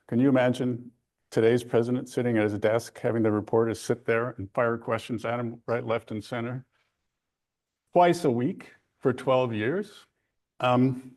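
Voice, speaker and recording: Male history lecturer telling stories. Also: medium pitch. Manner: lively storytelling, conversational asides. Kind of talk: academic lecture.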